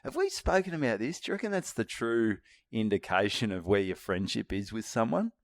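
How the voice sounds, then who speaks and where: A man's voice: lowish voice, very animated, a little fast, no room sound. A man, co-hosting a podcast in casual, jokey chat and finishing his co-host's sentences. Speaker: podcast co-host.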